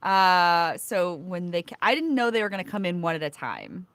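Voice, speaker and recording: Female co-host, flustered and giggly, bouncing pitch, dry close mic. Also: big pitch swings, moderate pace, a bit bright, no room sound. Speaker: show co-host. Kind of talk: casual banter.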